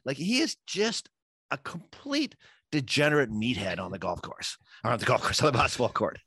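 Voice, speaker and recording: A man's voice: medium pitch, a little fast, slightly rough, dry recording. Guy ranting on a sports podcast, voice all over the place, stumbles and repeats, dry close sound. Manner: animated ranting, repeats words. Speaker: podcast co-host. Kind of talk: casual sports chat.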